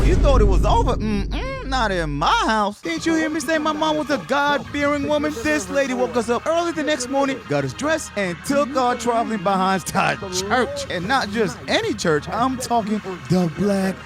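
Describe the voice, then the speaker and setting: A young man telling a comedic story from his childhood in slangy, animated narration. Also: very high-pitched, moderate pace, few pauses, music in the background. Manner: animated, slangy, swings into character voices.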